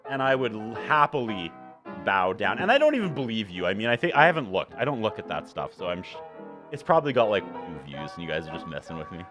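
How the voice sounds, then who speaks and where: A man's voice: fairly low pitch, very animated, fast talker, a bit bright, faint music behind. A man, an author guest on a talk podcast, joking dryly and poking fun at himself in a studio. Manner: dry, self-mocking humor. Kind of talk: casual chat. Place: radio studio.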